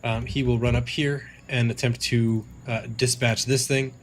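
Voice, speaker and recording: A man's voice: medium pitch, level tone, moderate pace. A man narrating as game master in a tabletop game, loose and rambling with many fillers.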